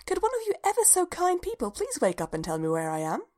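A woman's voice: medium pitch, very animated, fast. A woman voicing a proper, bookish young woman archaeologist who speaks in a polite, formal and slightly fussy way, in a storybook reading. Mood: puzzled.

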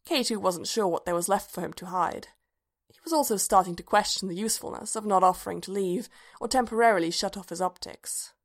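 A woman reader narrates a story in a measured, even-paced reading, her voice at a typical middle pitch for a woman.

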